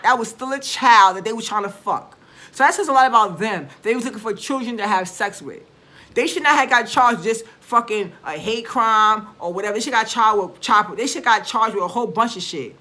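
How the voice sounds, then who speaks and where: Heated woman ranting, bright and sharp. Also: medium pitch. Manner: heated, profane, repeats herself for emphasis. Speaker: vlogger. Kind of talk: unscripted rant to camera.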